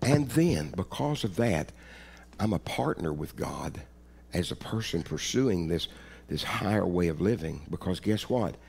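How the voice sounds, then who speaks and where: Middle-aged male pastor, low voice, storytelling sermon that swings from hushed to loud. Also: lively intonation, unhurried, gravelly, slightly rough. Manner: repeats phrases for emphasis.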